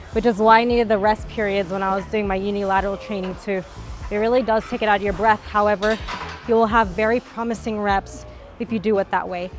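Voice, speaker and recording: A woman fitness vlogger explains her training in a loose, chatty way, slightly out of breath and dropping plenty of "like" fillers. Faint music plays behind her. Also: mid-range voice. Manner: talkative, with many "like" fillers. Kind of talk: casual workout instruction. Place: gym.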